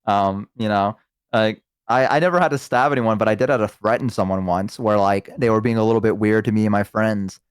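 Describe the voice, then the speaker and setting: A man's voice: on the low side, steady tone, a little fast, clear, resonant tone, no echo. Man spinning rambling stories, dry sound. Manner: rambling storyteller who acts out quotes. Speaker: guest streamer. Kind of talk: casual chat.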